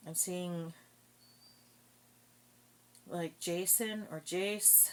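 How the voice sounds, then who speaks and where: Slow, musing woman psychic. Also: lowish voice, fairly even intonation, slight background noise. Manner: slow, musing, thinking aloud. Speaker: psychic card reader. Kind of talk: casual channeled reading.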